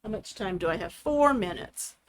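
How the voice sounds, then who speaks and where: A woman's voice: medium pitch, lively intonation, normal speed, crowd noise. Chatty woman demonstrating a craft. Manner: chatty step-by-step explaining. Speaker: craft host.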